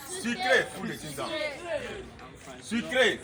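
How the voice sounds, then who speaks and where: A man's voice: high-pitched, expressive, normal speed, over a noisy crowd. Man teaching French to a class. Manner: drills words and has the class repeat. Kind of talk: classroom language lesson.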